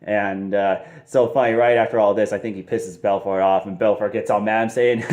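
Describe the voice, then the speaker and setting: A man's voice: on the low side, steady tone, moderate pace, warm tone. A man casually reviewing a movie, rambling with lots of fillers and frequent laughs.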